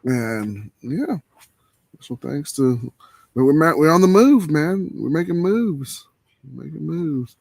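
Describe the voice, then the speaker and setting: Man, host of a late-night live chat, relaxed and chuckling, dry close sound. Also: fairly high pitch, slow pace, creaky, no echo. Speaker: livestream host. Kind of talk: casual chat.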